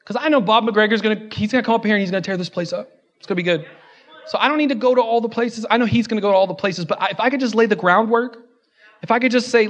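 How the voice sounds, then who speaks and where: A man preaching a sermon in a church, joking and laughing at himself, then building to loud declarations. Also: high voice, fast talker, dull audio. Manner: self-deprecating, joking, laughing often. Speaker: guest preacher.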